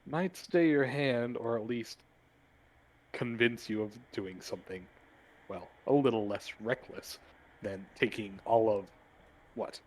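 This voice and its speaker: A man voicing a weary, exasperated older male mentor in a tabletop game, dry and low-key. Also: a little mellow, close to an everyday voice, poor audio.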